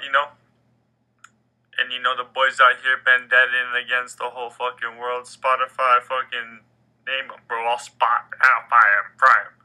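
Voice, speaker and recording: A young man rants through his own show. His voice is very bright and edgy, full of casual profanity. He jumps between loud bursts and low, muttered asides. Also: rough recording. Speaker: podcast host. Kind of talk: casual rant.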